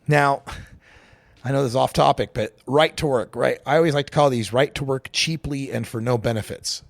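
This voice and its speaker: A man's voice: medium pitch, normal speed, creaky, dry recording, studio quality. A middle-aged man from Idaho, hosting a talk radio show and giving emphatic, opinionated political commentary with sarcastic asides.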